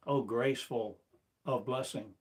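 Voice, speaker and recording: A male spiritual teacher delivering a sermon in a slow, deliberate cadence. His voice sits in an ordinary middle register. He builds the talk from one rhetorical question after another, declaiming each. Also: medium pitch, steady tone. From United States.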